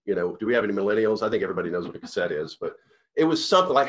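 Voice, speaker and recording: A man's voice: lowish voice, racing. A man, a company CEO, giving a motivational talk to sales reps in an earnest, rambling storytelling way with many restarts.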